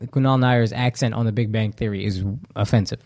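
A man's voice: lowish voice, fairly even intonation, darkish tone. A young adult man, a guest comedian, telling candid stories in casual podcast chat. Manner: candid, storytelling, quick asides.

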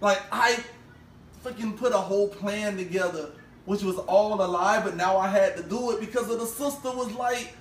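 A young man spins a casual story for his podcast and acts out every voice he quotes. His voice sits high, and he is heard from a distance in a roomy space with faint ambience behind him. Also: moderate pace, a little hiss or hum. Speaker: podcast co-host.

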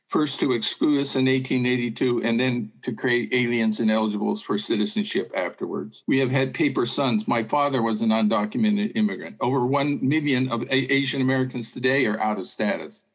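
A man's voice: mid-range voice, rough recording. A man giving an impassioned speech at a forum, building his points through rhetorical repetition. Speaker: speaker at a forum.

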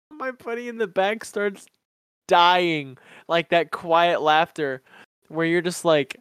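A man's voice: sits high, takes it slowly, clear, resonant tone, dry recording, studio quality. A young man co-hosting a podcast, telling a funny story in casual chat, laughing often and acting out the people in it. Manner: animated storyteller, laughs often, acts out voices. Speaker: podcast co-host.

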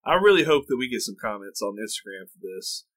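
A man's voice: lowish voice, sing-song, fast, a bit bright. A man co-hosting a podcast in casual chat, ranting and laughing often. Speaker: podcast co-host.

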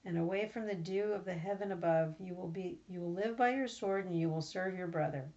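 A woman voicing an old blind father who speaks in a grave, measured way. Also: fairly low pitch, a little mellow, lightly acted. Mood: solemn. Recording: slightly muffled recording.

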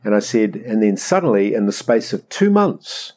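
A middle-aged man preaching a conversational sermon, animated and rambling as he acts out prayers. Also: on the low side, moderate pace. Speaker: pastor.

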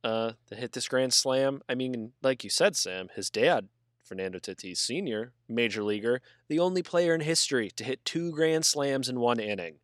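A man's voice: mid-range voice, lively intonation, normal speed, dry recording, studio quality. A man co-hosting a casual sports podcast, talking bluntly and swearing freely as he rambles through his points. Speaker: podcast co-host. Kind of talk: casual chat.

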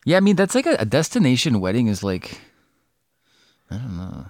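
A man's voice: mid-range voice, big pitch swings, fairly quick, dry recording, clean studio sound. A young man co-hosting a podcast, chatting casually, joking and swearing with easy laughs. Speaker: podcast co-host. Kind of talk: casual chat.

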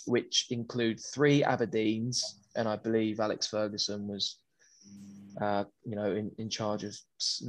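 A man's voice: fairly low pitch, dry recording. A man hosting a casual football podcast, chatty and rambling, often restarting his sentences. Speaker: podcast host.

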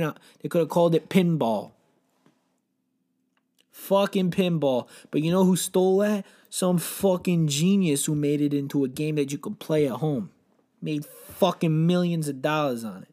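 A man's voice: a little high, a little mellow. A man hosting a comedy podcast, telling a crude, rambling, profane story in a brash, joking rant.

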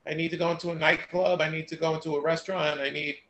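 A man's voice: a little high, little pitch movement, fast talker, a bit bright, echoey room, a little hiss or hum, poor audio. A man guesting on a casual podcast chat, talking in a brash, profane way.

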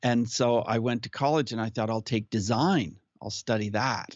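A man telling his life story as a guest in an interview, speaking earnestly and at an unhurried pace. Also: medium pitch, no room sound. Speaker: podcast guest who hosts his own show. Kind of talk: personal storytelling in conversation. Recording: slightly muffled audio.

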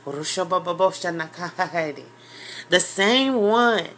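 A woman's voice: on the low side, expressive, drawn-out words, fairly bright tone, slight background noise. A woman preaching an informal sermon, emotional and near tears, rising into impassioned, emphatic outbursts.

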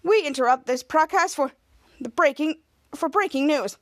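A woman's voice: high-pitched, normal speed, no room sound, clean studio sound, close to an everyday voice. A woman voicing a male TV news anchor in a formal announcing way. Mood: urgent.

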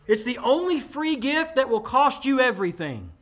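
Man, 40s, pastor preaching, high voice, conversational and emphatic. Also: sing-song, normal speed, a bit bright. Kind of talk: sermon.

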